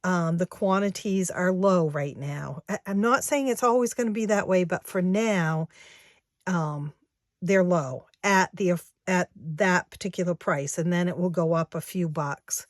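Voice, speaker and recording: A woman in her sixties talks slowly and chattily as she shows off her handmade products to viewers. Her voice sits a little low, and she rambles and backtracks to fix what she just said. The sound is dry and close, with no room echo. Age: 60s. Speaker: craft shop owner showing her products. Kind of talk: casual chat to viewers.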